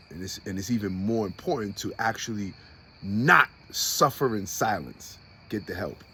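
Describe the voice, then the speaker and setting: Impassioned man hosting a podcast. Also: slight background noise. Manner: impassioned, swinging from low and quiet to loud and high. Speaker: podcast host. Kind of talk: personal podcast monologue.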